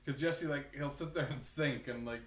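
A man's voice: medium pitch, normal speed, fairly bright tone, echoey room, a little hiss or hum. A sleep-deprived young man chatting with friends, rambling and repeating himself with self-mocking humor. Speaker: friend on a trip. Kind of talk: casual chat.

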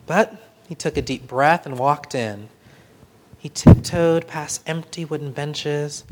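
A storyteller reading a children's picture book aloud in a slow, expressive voice that turns hushed in places. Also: medium pitch.

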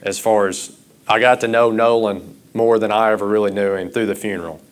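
Preaching man, halting then impassioned. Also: on the low side, fairly even intonation. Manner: rambling and halting at first, then rising and impassioned. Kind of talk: sermon.

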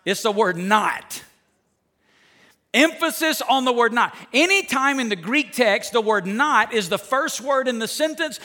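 Male preacher, higher register, bright edge; dynamic sermon delivery, loud to hushed. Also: lively intonation, unhurried. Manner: joking asides with the congregation. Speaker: pastor.

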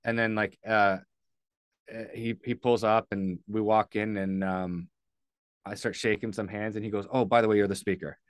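A man's voice: lowish voice, level tone, normal speed, clear, resonant tone, dry recording. A man, a podcast guest, telling a story candidly and earnestly, loosely and with casual swearing.

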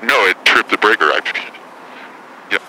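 A man's voice: fairly low pitch, animated, normal speed, sharp tone, a little hiss or hum, low-quality recording. A man impersonating a brash, foul-mouthed female talk host. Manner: crude, defensive, swearing. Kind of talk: improvised comedy impression.

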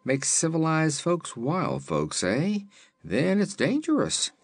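A man's voice: a little high, huge pitch swings, takes it slowly, dry recording, faint music behind, voice pushed up, heavily acted. A man voicing a stern, reproachful wanderer in a storybook reading. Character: stern kindly shaggy wanderer, grown man.

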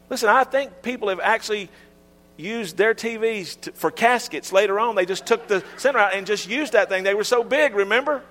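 Middle-aged male pastor, folksy comic sermon delivery, higher-pitched voice. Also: a little fast, long reverb tail. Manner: folksy, humorous storytelling with lively pitch swings.

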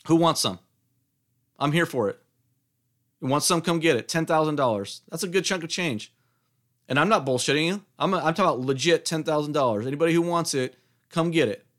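A man's voice: a little high, fairly bright tone. A middle-aged man hosting a solo podcast, taunting and challenging his listeners in a combative monologue. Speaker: podcast host.

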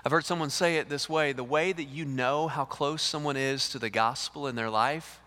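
A male lead pastor, preaching a sermon in an animated way, repeating words and acting out dialogue. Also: medium pitch, normal speed. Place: church sanctuary. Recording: reverberant church hall.

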